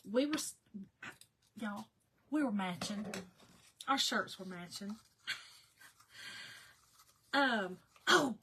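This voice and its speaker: A woman's voice: medium pitch, a bit bright, slight background noise. A woman hosting a casual live crafting chat, talking to viewers by name and laughing often. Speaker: craft livestream host.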